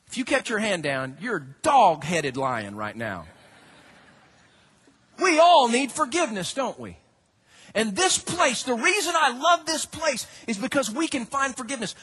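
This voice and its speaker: A man's voice: sits high, breathy edge. A man preaching a sermon in a church, asking the congregation questions and acting out the people he quotes. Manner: animated, acts out quoted voices, asks the congregation questions. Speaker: pastor. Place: church sanctuary.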